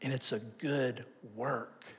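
A man preaching a sermon, telling stories with lively swings between loud bursts and soft asides. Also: mid-range voice, slow pace. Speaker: pastor.

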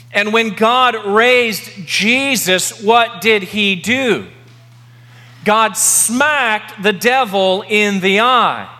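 A man preaching a sermon as pastor, emphatic, repeating key words slowly for effect. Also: sits high, pushed and bright. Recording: long reverb of a large hall.

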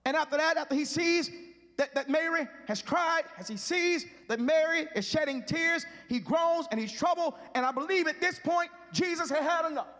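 A man a sermon in a church, building from quiet storytelling into a chanted whoop punctuated by huffed breaths. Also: extremely high pitch, moderate pace. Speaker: preacher. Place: church sanctuary. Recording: music behind, long hall reverb.

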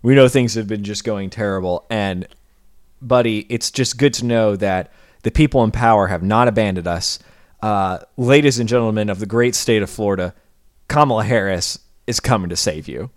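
Deadpan sarcastic podcast guy, dry close sound. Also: lowish voice, moderate pace, dry recording. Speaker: podcast co-host. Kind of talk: casual chat.

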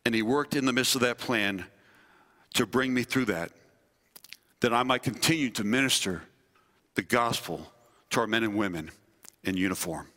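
A man, a pastor and former army chaplain, preaching a sermon with earnest delivery, slowing and dropping low on key phrases. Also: pushed and bright. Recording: long hall reverb.

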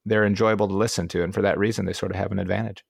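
Midwestern dude on a podcast, lowish voice, rambles and laughs a lot, dry close sound. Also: male voice, flat delivery, racing, creaky, slightly rough, no room sound. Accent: Midwestern American. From American Midwest. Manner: rambling, laughs often, many restarts. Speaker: podcast co-host. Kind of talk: casual chat.

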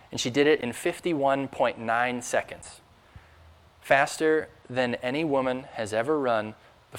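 A man's voice: medium pitch, a bit bright. A man preaching a sermon in an earnest, emphatic way, building up through rhetorical questions. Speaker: pastor.

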